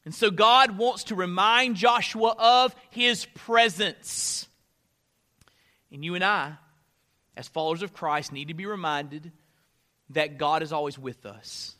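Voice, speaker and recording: A man preaching a sermon as a pastor, swinging between loud emphatic lines and hushed ones, often repeating words as he starts a phrase. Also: high-pitched, slow pace.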